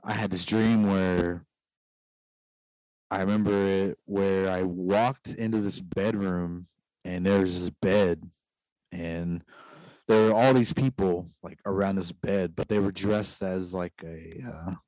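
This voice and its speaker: A man with a fairly low voice tells a story in a loose, rambling way, leaning on "like" every few words. The sound is dry and close, with no room echo. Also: fairly even intonation, takes it slowly, darkish tone. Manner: rambling, heavy use of "like" fillers. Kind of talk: casual storytelling.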